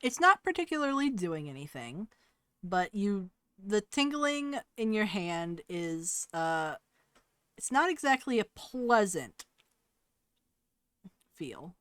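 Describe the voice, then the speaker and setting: A woman's voice: medium pitch, big pitch swings, takes it slowly, long pauses, a bit bright, smooth, no echo. A woman narrating as game master in a tabletop game, easygoing with hesitant fillers.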